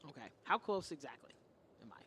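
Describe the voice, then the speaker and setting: A man's voice: mid-range voice, very animated, a little fast, sharp tone, a little hiss or hum. A man playing a tabletop game who speaks hesitantly and asks the game master a lot of questions. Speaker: player.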